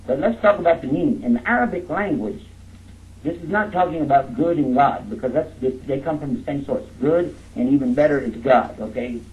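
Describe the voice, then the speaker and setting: A man from Texas, giving a jokey, interactive lecture and coaxing his audience to repeat words after him. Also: a little high. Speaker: speaker teaching a live audience. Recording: narrow phone-like lo-fi sound.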